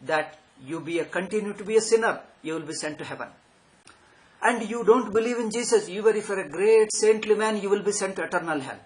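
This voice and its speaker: A man's voice: high voice, a little fast, a little mellow, rough recording. A man giving a spiritual lecture, sarcastic and emphatic, often repeating his phrases. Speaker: Vedanta teacher.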